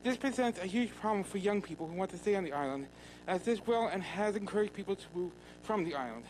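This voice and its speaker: A citizen giving an earnest, plain public comment to a county legislature, a little halting at times. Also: medium pitch, expressive, darkish tone, slight background noise, rough recording. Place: county legislature hearing room.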